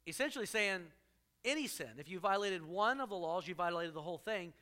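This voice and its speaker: This preacher has a high, very bright voice that rings out over the congregation. His delivery is animated and jokey, and he leans hard into loud bursts when he drives a point home. It sounds like a church sermon, loose and conversational between the big moments. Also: brisk. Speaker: pastor.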